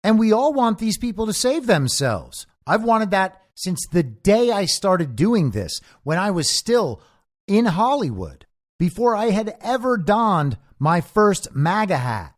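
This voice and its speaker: A man's voice: sits high, big pitch swings, measured pace. A man hosting a political commentary show, delivering an earnest, emphatic solo monologue.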